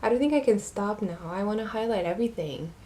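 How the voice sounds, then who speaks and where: A young woman narrating a makeup tutorial, gushing and easily excited as she talks to her viewers. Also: mid-range voice, fast talker. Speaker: beauty vlogger.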